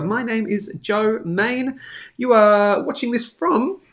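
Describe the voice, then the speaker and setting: An Australian man in his thirties hosts a daily live bullion show, speaking in a very high voice that's slow and fairly bright. He's chatty and jokey, reading out viewer comments in casual live-stream chat.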